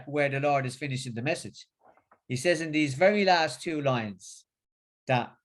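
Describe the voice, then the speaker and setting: A man's voice: fairly high pitch, fairly bright tone. A middle-aged man with a Northern English accent gives a religious talk, then chats casually, often repeating words and using fillers. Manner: halting, with many repeats and fillers. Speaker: religious speaker.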